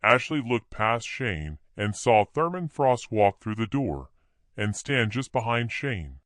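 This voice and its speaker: A man narrating a horror audiobook in a plain, steady storytelling voice. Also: mid-range voice, slow pace, dry recording, studio quality.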